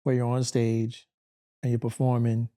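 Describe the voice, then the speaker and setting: Mellow male host, relaxed interjections. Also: mid-range voice, measured pace. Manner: short affirmations, relaxed. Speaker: podcast host. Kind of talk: casual interview chat.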